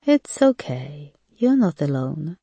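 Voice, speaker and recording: A woman voicing a Slovak younger sister who gently comforts her grieving sibling in an audiobook. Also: deep voice, very animated, takes it slowly, vocal fry, husky, no echo, lo-fi sound, exaggerated voice. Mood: soothing.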